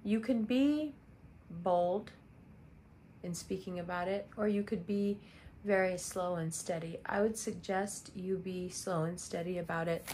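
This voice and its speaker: A woman's voice: lowish voice, a little slow, dark tone, slight background noise. A woman reading tarot and astrology for viewers in a chatty, direct way, repeating phrases for emphasis. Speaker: tarot reader.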